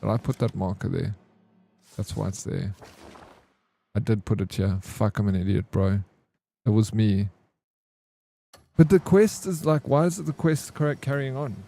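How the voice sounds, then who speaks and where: A man's voice: on the low side, moderate pace, creaky, pauses often, mellow. A young man, chatting casually with his stream while playing a game, slangy and laid-back. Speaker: gaming streamer.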